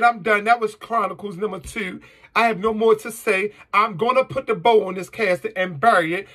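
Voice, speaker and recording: High, raspy, heated man ranting. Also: bright, forceful tone. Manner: heated, profane, rhetorical questions. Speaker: vlogger. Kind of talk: angry monologue to camera.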